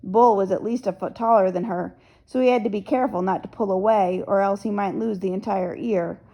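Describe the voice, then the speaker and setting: A woman reading a novel aloud as first-person narrator, in a steady storytelling manner. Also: medium pitch, fairly quick, gravelly, poor audio. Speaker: audiobook narrator.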